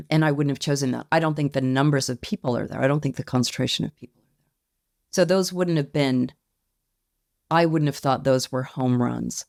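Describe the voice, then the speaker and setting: A woman being interviewed as a company founder, speaking in a reflective, measured way and often hedging her points. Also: a bass voice, creaky, a little mellow, no room sound, studio quality. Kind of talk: podcast interview.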